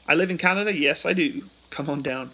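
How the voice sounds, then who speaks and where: Bright, chatty British man hosting a livestream. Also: a little high, brisk, breathy edge, rough recording. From United Kingdom. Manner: chatty, reads out chat questions then answers. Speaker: livestream host. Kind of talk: casual live chat answering viewer questions. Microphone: phone.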